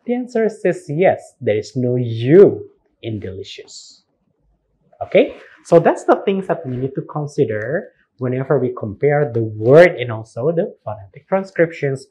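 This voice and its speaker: A man with an Indonesian accent teaching phonetics in a recorded university lecture, slowly spelling out words and repeating them. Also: medium pitch, darkish tone, breathy edge. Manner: slow, spells words letter by letter, repeats words for practice.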